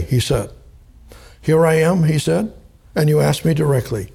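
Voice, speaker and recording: A man teaching the Bible verse by verse, slow and deliberate, spelling out and repeating key words. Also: on the high side, expressive, gravelly, a little mellow, slightly rough.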